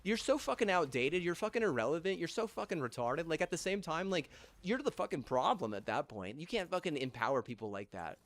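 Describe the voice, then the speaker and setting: Young adult male, slightly high-pitched, angry profane ranter who rambles and restarts. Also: big pitch swings, a bit bright. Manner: angry, heavy swearing, halting restarts and fillers.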